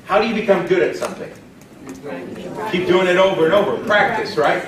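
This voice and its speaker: A man from Texas giving an energetic motivational training talk to a live audience, often putting questions to the room. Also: high-pitched, normal speed, long pauses, a little hiss or hum. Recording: roomy echo from far off, faint ambience.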